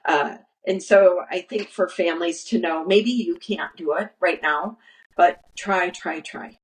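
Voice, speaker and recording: A woman speaks as a guest in a conversational interview, her voice sitting a little low. She talks earnestly, stumbling and restarting often, and acts out what others said to her. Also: measured pace, rough recording. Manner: earnest storyteller, acts out quoted dialogue, many restarts. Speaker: guest, nursery founder.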